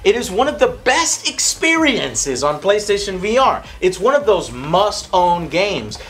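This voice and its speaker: Young guy reviewing games, high voice, swears a lot and gets worked up. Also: unhurried. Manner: excitable, profane, ranting. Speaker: game reviewer co-host. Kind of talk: casual review chat.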